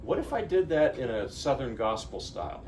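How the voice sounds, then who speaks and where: A man's voice: medium pitch, very animated, moderate pace, a little mellow, a little hiss or hum. A man from New Jersey talks informally between piano pieces, rambling and lighthearted, often stopping short to restart a thought. He is picked up from some distance in a small, living-room-like room, with a faint wash of ambience behind him. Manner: chatty, rambling, self-interrupting, lighthearted. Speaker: pianist giving a lecture-recital.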